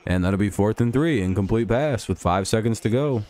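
A man's voice: fairly low pitch, normal speed, a little mellow. A man hosting a live stream, giving casual, rambling reaction commentary on a football game and swearing often. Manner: laid-back, rambling, swears a lot.

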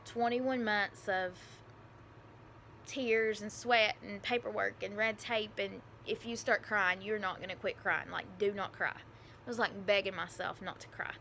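A woman's voice: medium pitch, sharp tone, slight background noise. A young woman with a country accent telling a personal story in a casual, rambling, earnest way, with lots of fillers. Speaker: adoptive mother vlogger.

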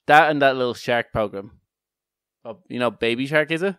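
A man co-hosts a podcast in casual chat, rambling with laughs and restarts. His mid-range voice is smooth and fairly bright at a normal speed, recorded clean in a studio with no room sound.

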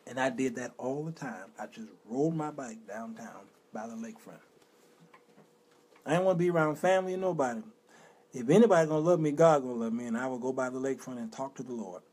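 A man's voice: mid-range voice, fast, darkish tone, slightly rough. A middle-aged man from Chicago's west side, hosting a show and telling an emotional personal testimony, now and then breaking into a few sung words. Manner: emotional storytelling with sung snippets. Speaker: host.

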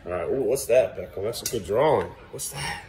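A man's voice: lowish voice, expressive, brisk, a little mellow. A man in his thirties, a father filming a casual family vlog at home, teasing and coaxing his young kids. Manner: playful teasing dad, coaxing and praising kids.

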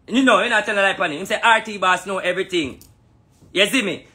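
Brief: a Jamaican man with a very bright, piercing voice, ranting profanely at his critics. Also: high-pitched, quick pace, slightly rough. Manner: heated, profane, repetitive taunting in patois. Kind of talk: angry ranting monologue.

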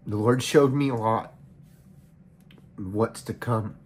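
A man's voice: lowish voice, darkish tone, slight background noise. Tearful man sharing a vision. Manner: choked up, halting, restarts often. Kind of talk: emotional spoken testimony.

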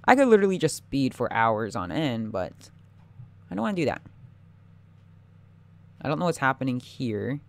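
A man's voice: mid-range voice, moderate pace, vocal fry, long pauses. Jittery young man narrating his gameplay. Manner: anxious, excitable, mutters and repeats himself. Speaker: gameplay commentator. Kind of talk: live gameplay commentary.

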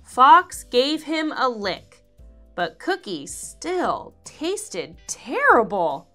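A woman hosting a children's read-aloud, telling the story in an expressive, sing-song way. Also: sits high, very slow, soft background music.

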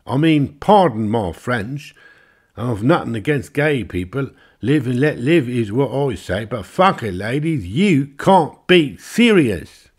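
Brash english pub bore, shouty and drawling, voiced by a man with a husky voice. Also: medium pitch, big pitch swings, pitched above the performer's own voice, full character voice. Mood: blustering. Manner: blustering, swearing, drawn-out emphasis. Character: brash loud middle-aged Englishman at a bar. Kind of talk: storytelling.

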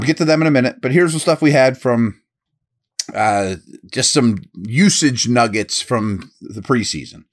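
Man, podcast host, football analysis, casual chat, thinking aloud, mid-pitched voice. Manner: upbeat read of a sponsor ad. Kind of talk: solo sports analysis podcast.

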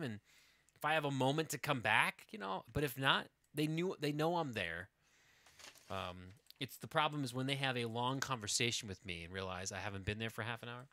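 Male streamer, casual co-host. Rambling, chatty delivery, very bright tone, dry close sound. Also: a little high, expressive, fairly quick, dry recording. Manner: rambling, chatty, trails off and restarts mid-thought; playful, reads silly word-game text with mock seriousness. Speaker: live streamer co-hosting with his wife. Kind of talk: casual live-stream chat and comic reading aloud.

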